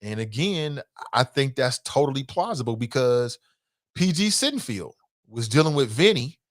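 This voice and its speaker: Animated, laughing male talk show host. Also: medium pitch, moderate pace. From Cincinnati area. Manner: animated, laughing, drops into quoted voices. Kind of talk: casual talk show monologue.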